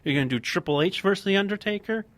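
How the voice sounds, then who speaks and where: A man's voice: high voice, lively intonation, fast, a bit bright, no echo. A man co-hosting a casual wrestling podcast, talking in a heated, emphatic rant. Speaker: podcast co-host.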